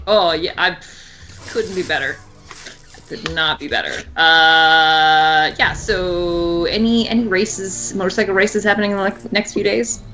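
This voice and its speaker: A woman's voice: lowish voice, measured pace, pushed and bright, faint music behind, poor audio. A woman voicing a young woman skateboarder and former motorcycle racer who talks in a breezy, teasing way.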